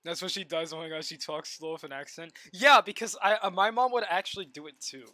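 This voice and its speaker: Bright-voiced rambling young streamer man. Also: sits high, fast talker, dry recording. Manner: rambling and animated, heavy use of "like" and repeated restarts. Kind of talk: casual live-stream chat while gaming.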